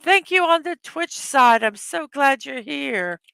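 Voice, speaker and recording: A tired, hoarse woman hosting a casual morning livestream, greeting her chat viewers one by one. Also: high-pitched, expressive, a little slow, bright, forceful tone, dry recording. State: tired from little sleep. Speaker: livestream host.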